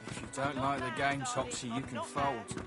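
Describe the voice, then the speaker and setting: A dismissive, curt card player, voiced by an actor in a video game. He brushes off others with a flat, mid-range voice. Loud game music plays behind him. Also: medium pitch, normal speed, lightly acted.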